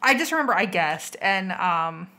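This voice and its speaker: Bright-voiced giggly woman chatting. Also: on the low side, normal speed. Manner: giggly, animated storytelling. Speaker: board game podcast co-host. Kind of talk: casual chat.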